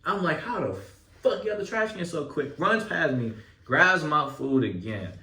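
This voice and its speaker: A young man tells a story in a loose, animated way, swearing often and leaning on street slang. He sits back from the mic, so his voice comes through distant. The room around him is echoey. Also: a little high, normal speed. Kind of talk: casual storytelling.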